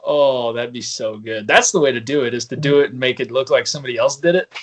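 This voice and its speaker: A man talking casually as a podcast guest, at an ordinary pitch for a man. He tells prank stories with frequent laughter and puts on the voices of the people in them. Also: fast. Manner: laughing, storytelling, acts out quoted voices.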